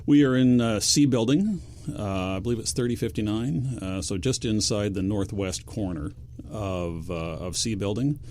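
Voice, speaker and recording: A man explaining a product on a live radio interview, pausing often with filler sounds. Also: fairly low pitch, darkish tone. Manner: hesitant, many fillers. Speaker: company representative guest.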